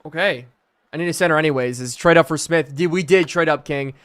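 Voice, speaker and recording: A man's voice: a little high, a little fast, a bit bright, clean tone. Chatty young male streamer. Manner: chatty, thinking aloud and answering chat. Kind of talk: live game-stream commentary.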